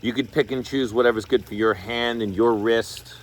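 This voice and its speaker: A man's voice: mid-range voice, fairly even intonation, normal speed, very noisy. Chatty man teaching guitar. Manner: casual, chatty, scats rhythms while explaining. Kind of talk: online guitar lesson. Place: home studio over video call. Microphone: video call. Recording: loud guitar under the voice. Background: guitar playing.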